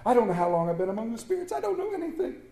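A man's voice: very high voice, wildly swooping pitch, very fast, dark tone, roomy sound, full character voice. A man reading aloud and voicing an elderly male miser who is giddy with joy, exclaiming between laughter and tears. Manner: exclaiming, laughing and crying at once.

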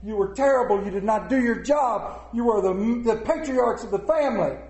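A stern old saint scolds the henpecked husbands in a high, booming voice, as a male preacher puts him on. The sound rings around a roomy hall. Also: lively intonation, brisk, darkish tone. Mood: scolding.

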